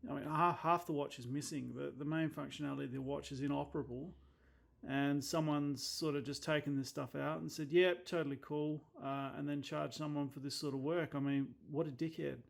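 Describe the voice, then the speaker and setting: A man's voice: a little high, fairly even intonation, brisk, gravelly. A man with an Australian accent, talking casually through a watch repair as a watchmaker, blunt and exasperated with a habit of swearing when annoyed. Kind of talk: casual workbench commentary.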